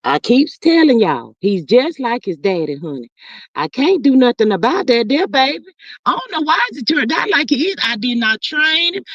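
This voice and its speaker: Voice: high-pitched, big pitch swings, moderate pace, a bit bright, no room sound, full character voice. A performer voicing a defensive, folksy older mother who rambles and calls everyone honey, chatting in character on a livestream. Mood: protesting. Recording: slightly muffled dry livestream audio.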